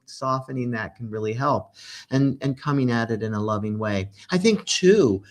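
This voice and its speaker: A man's voice: mid-range voice, animated, normal speed. A man hosting a podcast, talking earnestly in a casual conversation and reading out listener questions. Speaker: podcast host.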